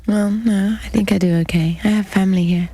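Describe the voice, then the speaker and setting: A woman's voice: medium pitch, fairly even intonation, a little fast, dark tone. A woman from England with an English accent, a playful guest joking on a radio show. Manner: playful, teasing, laughs often. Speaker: celebrity guest.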